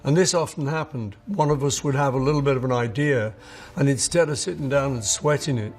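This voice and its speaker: A man's voice: medium pitch, fairly quick, soft background music. An older man from England, telling anecdotes in an interview and acting out the voices of people he quotes. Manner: acts out quoted voices in his stories. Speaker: musician interviewee.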